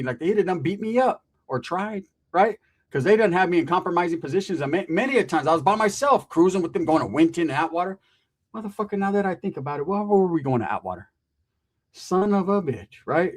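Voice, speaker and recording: A middle-aged man casually telling a story from his past, full of profane street slang and quoted dialogue. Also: high voice. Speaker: podcast guest telling a story.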